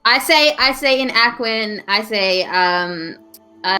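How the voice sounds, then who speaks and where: Bright-voiced woman player, hesitant. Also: on the high side, expressive, slow, soft background music. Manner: hesitant, declaring actions in character. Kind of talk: tabletop game play.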